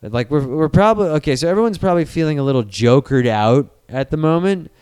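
A man chatting casually on a podcast, animated and sarcastic, with profane banter and quick mock voices. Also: on the high side, clear, resonant tone.

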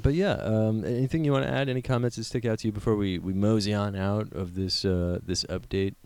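A man's voice: fairly low pitch, fairly even intonation, brisk, a little mellow, a little hiss or hum. A man co-hosting a podcast, chatting loosely, joking and swearing freely. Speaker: podcast co-host. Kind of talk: casual podcast chat.

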